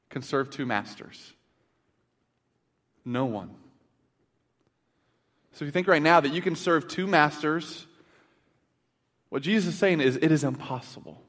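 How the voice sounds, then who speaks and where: A man in his thirties preaching a sermon in church, telling family stories with big swings between loud and hushed. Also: a little high. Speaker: pastor. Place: church sanctuary. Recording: long hall reverb.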